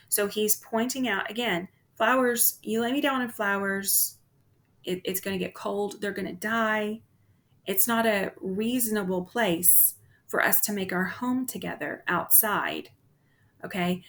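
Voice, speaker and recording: A woman's voice: medium pitch, a little slow, a bit bright. A woman teacher giving a casual literature lecture, with frequent "um"s and "okay?" check-ins to the class.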